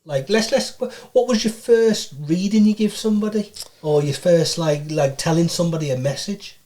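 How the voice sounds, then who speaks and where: Slightly high-voiced podcast host, casual. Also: male voice, normal speed, dark tone. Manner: open-minded, hesitant questioning with restarts. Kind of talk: casual interview chat.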